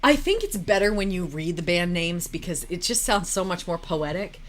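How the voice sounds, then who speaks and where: A woman's voice: on the low side, expressive, normal speed. A woman co-hosting a live music reaction stream, chatting in an easygoing way and laughing often. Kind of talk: casual livestream chat.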